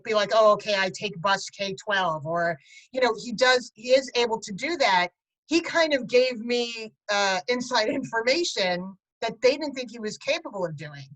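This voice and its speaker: A middle-aged woman, a guest on an interview show, telling a story about her son in an animated way with bursts of laughter. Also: fairly high pitch, poor audio. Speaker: guest, parent and writer. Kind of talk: conversational interview.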